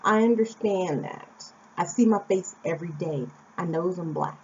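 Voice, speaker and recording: A young American woman from Phoenix, Arizona, vlogs a personal story in a chatty, casual manner, tossing asides to the viewer. Her voice is fairly low and darkish, at a moderate pace, with slight background noise on a slightly dull lo-fi recording.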